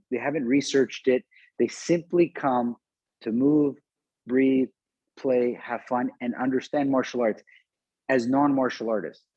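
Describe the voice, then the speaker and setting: Husky guy teaching martial arts over a video call, dry dull sound. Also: mid-range voice, dark tone, dry recording. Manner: conversational, checks in with questions. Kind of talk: live online class teaching.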